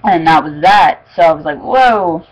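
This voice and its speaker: A young woman casually recapping a TV episode, chatty and excitable, full of fillers and exclamations. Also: sits low, normal speed, rough recording. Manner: chatty and excitable, lots of "like" and "oh my god". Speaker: fan reviewing an episode.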